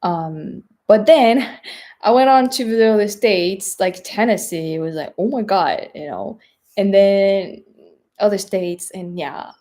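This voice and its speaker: Woman, French accent, young adult, unhurried, hesitant, lots of ums, soft asides. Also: medium pitch. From France. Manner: hesitant, many fillers, soft trailing asides. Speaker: travel vlogger. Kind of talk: live stream chat reading viewer questions.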